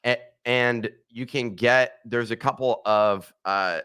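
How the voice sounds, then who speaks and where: A man's voice: medium pitch, slow pace, fairly bright tone, smooth. A man co-hosting a podcast, rambling in casual chat with many ums. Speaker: podcast co-host.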